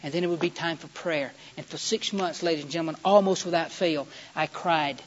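A middle-aged male preacher with a fairly high voice, delivering a sermon with big dramatic swings. He bursts out loud and excited when telling stories, then drops to a hushed, slow murmur for scripture. The recording is dull and lo-fi, like an old tape.

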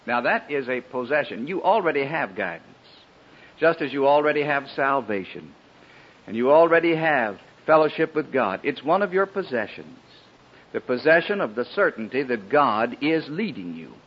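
Husky preacher with lively rising emphasis. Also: male voice, mid-range voice, moderate pace. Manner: earnest, pleading, rising and falling emphasis. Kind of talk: sermon. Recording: dull lo-fi old sermon recording.

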